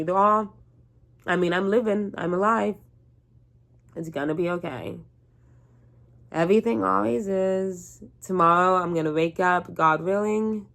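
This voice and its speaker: Young woman vlogger, low-ish voice, sleepy and rambling, swears casually. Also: vocal fry. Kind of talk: casual rant to camera.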